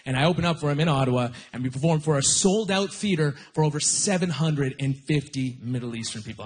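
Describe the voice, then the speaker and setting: Man doing a stand-up comedy set. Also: a little high. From Canada, Nova Scotia. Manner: casual, laughing at his own jokes, lots of "like" and "you know". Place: comedy stage with live audience.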